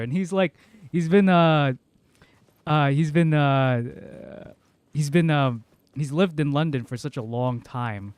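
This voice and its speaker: Rambling male streamer from the American South, slightly higher pitch, casual talk into a desk mic. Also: darkish tone, clear, resonant tone, dry recording. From Southern United States. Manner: rambling, chatty storytelling, quick laughs. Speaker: game streamer. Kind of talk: casual chat while playing.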